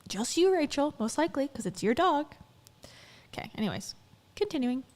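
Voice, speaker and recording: Young woman commentator, sarcastic and incredulous; high, swooping delivery for a snarky vlog. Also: big pitch swings, moderate pace, darkish tone, slight background noise. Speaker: commentary vlogger.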